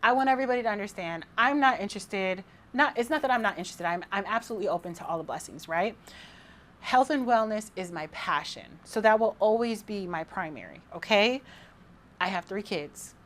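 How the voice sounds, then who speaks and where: A woman in her thirties talking casually to camera as a vlogger, excited and rambling, with frequent restarts. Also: medium pitch, brisk.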